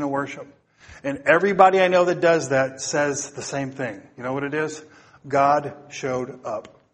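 A man's voice: a little high, in a large hall. A middle-aged male pastor preaching a sermon, earnest and exhorting, often asking the congregation questions.

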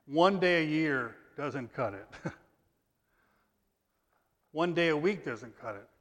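A man preaching a sermon in a conversational way, reading scripture loudly and emphatically, then dropping to quiet asides. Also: a little high, expressive, takes it slowly. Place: church sanctuary. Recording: long church reverb.

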